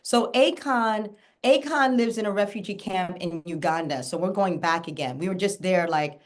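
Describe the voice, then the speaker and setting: A woman's voice: fairly low pitch, moderate pace. Enthusiastic rambling woman guest. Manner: enthusiastic, rambling, many fillers. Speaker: guest, documentary filmmaker. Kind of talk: casual interview chat.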